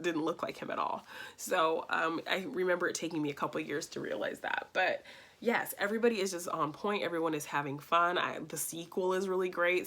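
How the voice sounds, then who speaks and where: A woman's voice: lowish voice, fairly bright tone. A woman giving a casual movie review, talking with gushing enthusiasm and telling stories.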